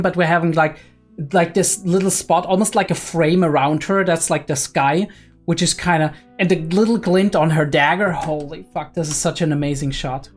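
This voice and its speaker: Excited young man breaking down anime. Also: a little high, normal speed, soft background music. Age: young adult. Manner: excited, analytical, frequent "right?" and "like" fillers. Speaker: anime reaction creator. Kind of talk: casual reaction commentary.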